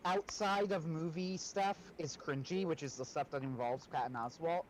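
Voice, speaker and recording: A man co-hosting a casual livestream chat, chatty and quick to laugh as he tells stories. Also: fairly high pitch, low-quality recording. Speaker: livestream co-host.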